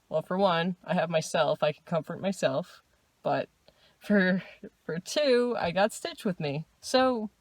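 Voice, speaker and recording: Slow-talking woman vlogger, rambling. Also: fairly low pitch, dry recording. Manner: rambling and self-interrupting, laughs often. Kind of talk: casual personal diary vlog. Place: dark room at night.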